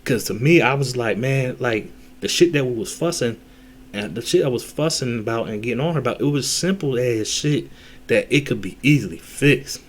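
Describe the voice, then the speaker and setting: A man's voice: mid-range voice, moderate pace. A man giving dating advice in a casual, blunt monologue, full of slang, cursing and restarts. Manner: blunt, heavy slang and cursing, repeats himself.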